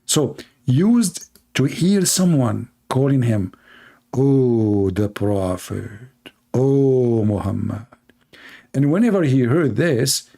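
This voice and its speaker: Sarcastic guy joking around on a stream, mellow dark voice, middle pitch. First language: Arabic. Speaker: debate streamer. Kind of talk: mocking live-stream commentary.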